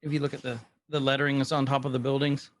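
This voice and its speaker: Guy cohosting a nerd podcast, rambly, retelling scenes in quick bits. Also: mid-range voice, flat delivery. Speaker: podcast co-host. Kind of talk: casual chat recapping a TV episode.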